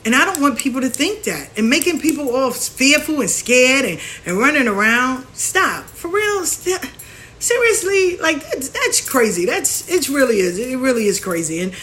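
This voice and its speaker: A woman's voice: high voice, expressive, normal speed, hardly any pauses, a bit bright, a little hiss or hum. A woman hosting her own show, talking frankly and animatedly in a casual monologue, mimicking other people as she rants. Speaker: spiritual practitioner and show host.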